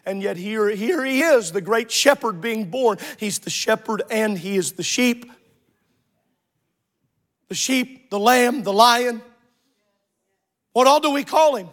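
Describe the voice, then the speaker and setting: A man preaching a sermon as a pastor, calling out to the congregation and shouting at the peaks. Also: sits high, animated, slow pace, long pauses.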